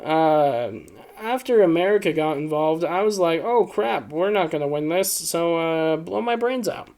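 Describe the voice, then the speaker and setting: A man doing a sheepish defeated old dictator, pitched up. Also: a little slow, darkish tone. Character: old dictator being interviewed after losing a war, sheepish.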